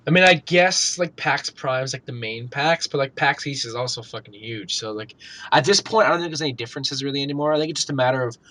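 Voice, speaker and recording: Fast and mid-pitched, a male co-host of a gaming podcast chats loosely in a casual conversation. He hails from Pennsylvania, curses freely, leans on filler words, and now and then erupts into playful shouting.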